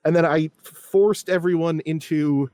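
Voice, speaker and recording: A man's voice: fairly high pitch, steady tone, measured pace, warm tone, no echo. A man calling in to a podcast, chatting casually and rambling with lots of "like.". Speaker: caller. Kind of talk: casual chat.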